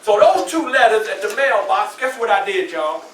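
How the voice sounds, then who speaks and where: Animated Southern preacher-style man. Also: high-pitched, normal speed, a little hiss or hum. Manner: preacherly call-and-response, folksy asides. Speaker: motivational speaker. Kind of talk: motivational talk to students. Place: school hall. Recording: echoey room from far off.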